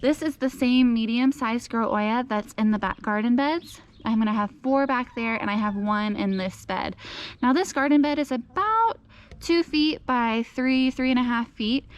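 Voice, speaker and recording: A woman's voice: on the high side, clean tone. A woman giving a casual garden vlog outdoors, chatty and explaining as she goes. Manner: chatty, explains as she shows, talks to her dog. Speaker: gardening vlogger.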